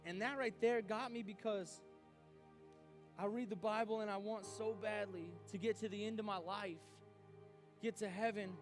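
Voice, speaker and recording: A man preaching a youth sermon as youth pastor, animated, acting out his own doubts aloud. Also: sits high.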